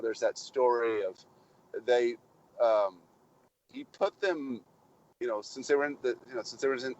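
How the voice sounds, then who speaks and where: A man co-hosting a casual podcast chat about films, halting and repeating words, on muffled lo-fi audio. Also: medium pitch. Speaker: podcast co-host.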